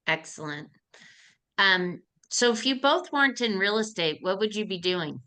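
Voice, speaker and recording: Bright, crisp woman interviewer. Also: medium pitch, lively intonation, moderate pace. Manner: upbeat, brief questions. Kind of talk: casual interview.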